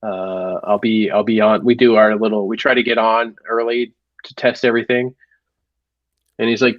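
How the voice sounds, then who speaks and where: A man's voice: lowish voice, little pitch movement, normal speed, no echo. A man co-hosting a podcast in casual chat, earnest, stammering and restarting his sentences. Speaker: podcast co-host. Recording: dull lo-fi dry mic.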